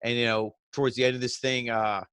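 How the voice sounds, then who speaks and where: A man's voice: medium pitch, little pitch movement, a little fast, a bit bright, clean tone, no room sound. Rambling man recapping a wrestling show. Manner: loose, rambling, heavy on "you know" and "like". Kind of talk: casual recap and review.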